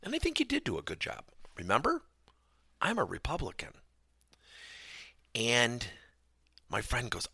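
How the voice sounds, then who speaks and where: A man hosts a podcast lesson, his voice gravelly and a little husky, with a bright, forceful edge. His pitch swings widely as he presses rhetorical questions. The sound is dry and close. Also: unhurried, long pauses, no echo. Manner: animated, emphatic, rhetorical questions. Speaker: podcast host and workplace trainer. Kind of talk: podcast lesson with personal stories.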